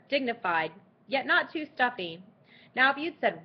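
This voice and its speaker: A woman's voice: mid-range voice, animated, moderate pace, breathy edge. A woman narrating a first-person audiobook in a dry, sardonic teenage voice. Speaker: audiobook reader. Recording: dull lo-fi audiobook recording.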